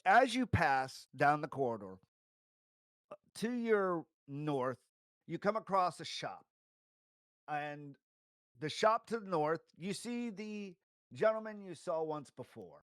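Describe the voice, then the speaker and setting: Bright, high-voiced man running a tabletop game. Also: big pitch swings, takes it slowly, long pauses, dry recording. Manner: rambling, hesitant narration full of uhs. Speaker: game master.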